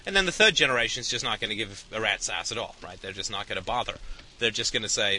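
A man's voice: fairly low pitch, quick pace, sharp tone, slight background noise, poor audio. A man hosting a podcast in a loose, rambling monologue, often checking in with the listener and chuckling between points. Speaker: podcast host.

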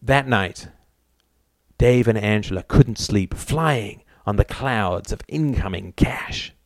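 Wry low-voiced male narrator. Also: takes it slowly, a little mellow, dry recording. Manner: wry, dry storytelling. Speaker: audiobook narrator. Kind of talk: novel narration.

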